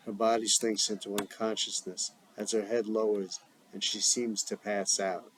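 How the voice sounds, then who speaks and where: Guy reading out script stage directions, plain and even, steady delivery. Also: on the low side, normal speed, a little hiss or hum, poor audio. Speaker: script reader.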